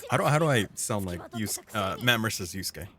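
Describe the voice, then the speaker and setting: A man's voice: lowish voice, animated, a little fast, crowd noise. A man streaming a game, reading dialogue aloud and chatting playfully, laughing often. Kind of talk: gameplay reading and chat.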